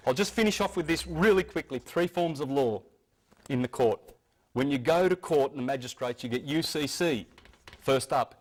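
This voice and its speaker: A man giving a lecture to an audience, speaking emphatically and insistently, often restarting his sentences. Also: a little high.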